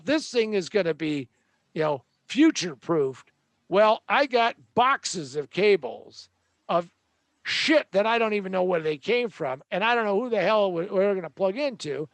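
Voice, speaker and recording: A man's voice: high-pitched, expressive, moderate pace, a bit bright, no echo. A man hosting a show, delivering a joking, sarcastic tech rant with a rambling manner. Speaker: host.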